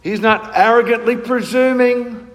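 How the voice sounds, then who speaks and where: A man's voice: extremely high pitch, unhurried, big-room sound, poor audio. A man preaching a sermon in an earnest, emphatic way, asking rhetorical questions. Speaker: pastor.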